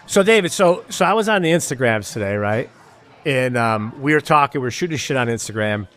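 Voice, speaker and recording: An older man from Rochester, New York, with a Western New York accent hosts a live podcast in a neighborhood bar. His medium-pitched voice is expressive, brisk and a bit bright as he tells long, rambling stories with heavy swearing and frequent restarts, all profane banter.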